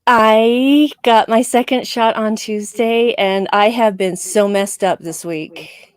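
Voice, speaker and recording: A woman's voice: fairly high pitch, slow pace, clean tone, no echo, clean studio sound. A woman co-hosting a casual live discussion, chatty and giggly, tired. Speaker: co-host.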